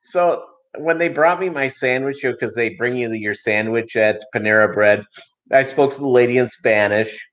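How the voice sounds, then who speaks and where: A middle-aged man hosts a fish-keeping livestream, his voice mid-range and a touch bright, moving at a normal speed. He chats and tells stories in a rambling, joking manner full of fillers. The stream audio is lo-fi and slightly dull.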